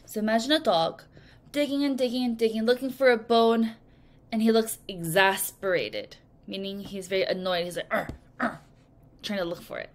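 A woman teaching English vocabulary to children in a recorded lesson, speaking slowly and clearly and acting out example sentences. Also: medium pitch. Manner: slow, clear teacherly delivery with acted examples.

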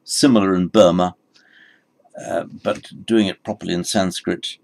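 A man's voice: sits low, steady tone, unhurried, creaky, darkish tone. A man teaching a Sanskrit lesson, explaining patiently and correcting himself as he goes. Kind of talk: recorded language lesson.

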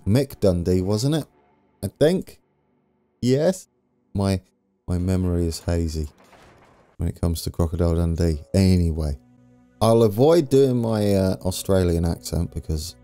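Deep, mellow-voiced male gameplay commentator. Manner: chatty, thinking aloud, self-deprecating. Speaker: let's play host.

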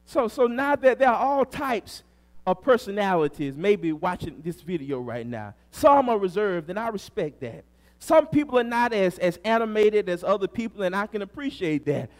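A pastor preaches in a strikingly high voice. His delivery is rhythmic, swinging between quiet asides and shouted, drawn-out refrains. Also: big pitch swings. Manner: rhythmic preaching, rising to shouts on key phrases. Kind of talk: sermon.

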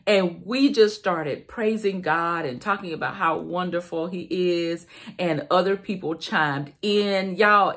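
A woman's voice: on the low side, a bit bright. A woman from South Carolina with a Southern US accent, chatting casually to her viewers and calling them "y'all.". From South Carolina, USA. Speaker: vlogger.

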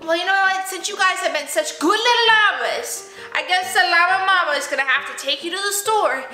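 A woman's voice: extremely high pitch, brisk, pushed and bright, soft background music. A woman vlogging playfully with her toy llamas, talking to them in a bubbly, sing-song way. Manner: bubbly, sing-song, talks to toys in baby talk. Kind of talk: playful kids' toy vlog narration.

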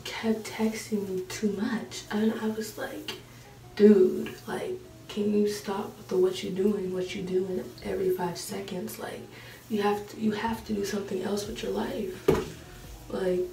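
Late-teen woman vlogger, chatty exasperated storyteller, dark mellow tone, distant mic with faint hiss. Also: medium pitch, level tone, measured pace, creaky. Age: late teens. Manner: chatty, laughing, exasperated retelling. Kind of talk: casual storytime. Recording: echoey room, mic a bit far off, faint hiss.

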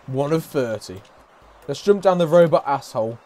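A man giving excitable, profane let's play commentary as a gaming YouTuber, trash-talking and shouting now and then. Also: fairly high pitch, moderate pace. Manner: shouts and whoops suddenly. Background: game music.

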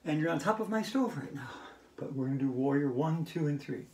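A woman's voice: low voice, lively intonation, a little fast, darkish tone, slightly rough. A woman teaching a playful yoga lesson at home, chatty and silly. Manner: silly, chatty, breaks into singing. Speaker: yoga instructor. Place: home hallway.

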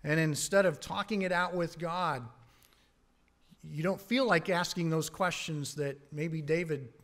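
Earnest preaching man, higher-pitched voice. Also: a little slow, a bit bright. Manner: earnest preaching, rising on key words and dropping low on asides. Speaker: pastor. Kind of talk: sermon.

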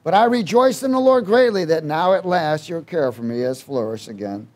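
A man preaching a sermon, quizzing the congregation and swinging between loud exhortation and quiet asides. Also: on the high side, animated, moderate pace.

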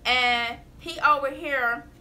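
A woman vlogger telling a school story in a casual, animated, sassy way, full of "like" and "baby". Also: high-pitched, slow pace.

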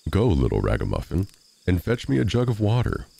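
A man voicing a huge, dim-witted male giant in a storybook reading, with slow, growling speech. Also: low voice, wildly swooping pitch, gravelly, warm tone, exaggerated voice. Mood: gruff.

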